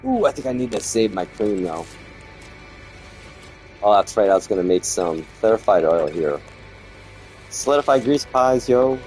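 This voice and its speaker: A man with a lowish voice talks through his gameplay in a loose, rambling stream-chat manner. He grumbles about little design quirks and chats to viewers as he goes. Soft game music runs quietly underneath. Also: lively intonation, moderate pace, pauses often, poor audio. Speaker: gaming streamer. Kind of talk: casual gameplay commentary.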